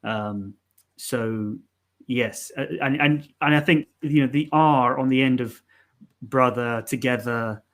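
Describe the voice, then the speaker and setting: A man's voice: mid-range voice, fairly even intonation, a little slow. Hesitant man hosting a stream. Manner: hesitant, lots of ums and restarts, explanatory. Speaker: co-host of a live English-learning stream. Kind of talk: casual live-stream chat.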